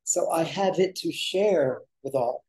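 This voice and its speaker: A man's voice: on the high side, slow pace, a little mellow, husky, poor audio. A man in a spiritual conversation, reflective and earnest, sharing sayings. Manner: reflective and earnest, gives aphorisms.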